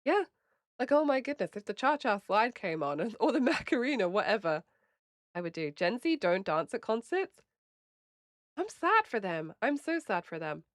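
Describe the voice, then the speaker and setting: A woman's voice: a little high, very animated, normal speed, dry recording, clean studio sound. A woman in her late twenties with an English accent, chatting casually with her stream viewers, laughing often and swearing freely. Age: late 20s. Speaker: livestreamer.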